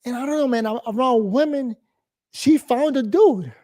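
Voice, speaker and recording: A man's voice: very high voice, normal speed, dark tone. A man in his forties from New York, giving a blunt, profane, rambling casual monologue as host.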